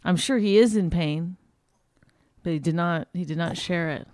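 A woman's voice: lowish voice, moderate pace, a little mellow, no echo, clean studio sound. A woman in a casual argument with her husband, teasing him and mimicking him. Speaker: wife.

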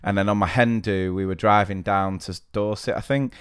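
A man's voice: lowish voice, steady tone, normal speed, clean tone, no echo, clean studio sound. A man co-hosting a podcast, chatting casually and teasing his co-host. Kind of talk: casual chat.

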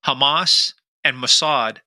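A man's voice: medium pitch, slow pace, pushed and bright, no echo. A man co-hosting a podcast, wisecracking in loose, joking banter before reading a news item and introducing the episode. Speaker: podcast co-host.

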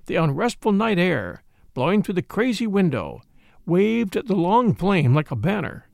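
A man narrating a classic mystery story in a measured, expressive storytelling style. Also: high-pitched, vocal fry, no echo, studio quality. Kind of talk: scripted audiobook narration.

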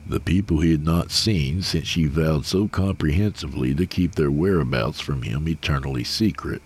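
A man reading a horror story aloud in a slow, measured, grim delivery. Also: a bass voice, darkish tone, husky. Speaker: narrator.

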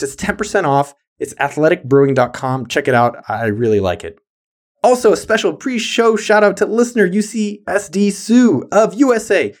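Dude hosting a podcast, jokey and pumped, voice jumps around a lot, kinda high. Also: male voice. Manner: hyped, jokey, swaggering. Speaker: podcast host. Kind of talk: scripted show intro.

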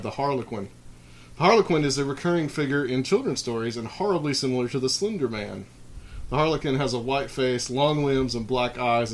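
A man hosting a podcast, reading out a list of creepy clown stories and then chatting loosely with many fillers. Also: medium pitch. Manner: reads list items, then rambles with fillers and restarts. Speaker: podcast host.

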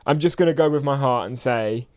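A man co-hosting a podcast, playing a casual quiz game and shouting out when he gets one right. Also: medium pitch, smooth. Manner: excitable, quick to shout when he wins. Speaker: podcast co-host.

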